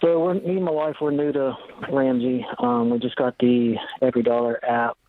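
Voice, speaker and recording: Male caller, mid pitch, thin phone-line audio; hesitant and unsure. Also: little pitch movement, normal speed, no room sound. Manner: hesitant, many ums. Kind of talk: phone-in question.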